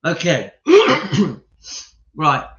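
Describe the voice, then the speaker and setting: A man's voice: fairly high pitch, huge pitch swings, extremely slow, a bit bright, echoey room, muffled recording. Emotional man chatting to viewers. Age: middle-aged. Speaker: live-stream host. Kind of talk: casual live-stream chat.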